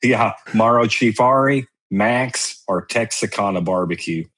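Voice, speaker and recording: A man's voice: lowish voice, a little slow, fairly bright tone. A man, a podcast guest telling long stories about sausage-making in a casual, rambling way with plenty of fillers. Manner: rambling storyteller, lots of fillers. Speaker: guest, sausage maker and teacher.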